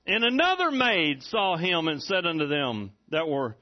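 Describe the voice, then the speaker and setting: A middle-aged man preaching a sermon as pastor, folksy and rising to loud, excited preaching. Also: on the high side, measured pace. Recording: dull lo-fi recording.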